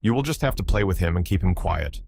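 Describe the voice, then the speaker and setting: A man's voice: deep voice, animated, fast talker, vocal fry, darkish tone, no echo, clean studio sound, exaggerated voice. A man voicing a fretful, complaining mother in an audiobook. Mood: peevish. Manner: peevish, complaining. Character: cross, fretful Southern mother.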